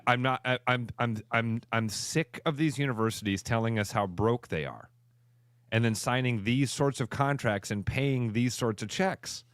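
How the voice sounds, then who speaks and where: A fired-up male sports talk radio co-host, punching his words and repeating them for emphasis. He speaks at an ordinary middle pitch, and his voice sits close to the mic in a dry, dead studio with no room echo. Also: moderate pace, fairly bright tone, clean tone. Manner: emphatic, heated ranting.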